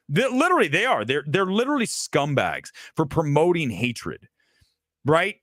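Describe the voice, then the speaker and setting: Animated, opinionated male movie host. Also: fairly high pitch, moderate pace, no echo, clean studio sound. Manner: animated, opinionated rant with mocking asides. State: tired late at night. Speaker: film talk show host. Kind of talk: live-streamed movie talk.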